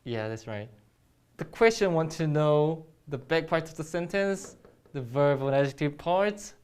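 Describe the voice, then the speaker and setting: A young adult teacher speaks English in a recorded grammar lesson. The delivery is halting and full of pauses. The teacher keeps putting quiz questions to the viewer at an everyday, middle pitch. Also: lively intonation, darkish tone, clear, resonant tone. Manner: hesitant, many pauses, quizzing the viewer. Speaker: Korean language teacher.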